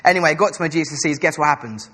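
A young man giving an informal sermon, chatty and self-deprecating, reading scripture slowly and stumbling over names. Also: a little high, pushed and bright. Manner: slow careful scripture reading. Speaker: preacher.

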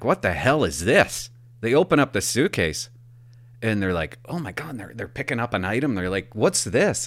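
A man's voice: lowish voice, no room sound. A man hosting a podcast, telling rambling stories and acting out other people's lines. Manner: animated, rambling, acts out quotes with voices and whispers. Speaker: podcast host. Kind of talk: casual storytelling.

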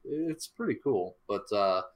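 A man co-hosting a casual film discussion podcast, talking in a halting way with many fillers and restarts. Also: on the low side, expressive. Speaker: podcast co-host.

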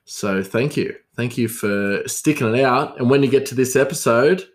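A man's voice: medium pitch, moderate pace. A man hosting a casual solo podcast, talking in a rambling, easygoing way with many restarts. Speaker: podcast host and hospitality worker.

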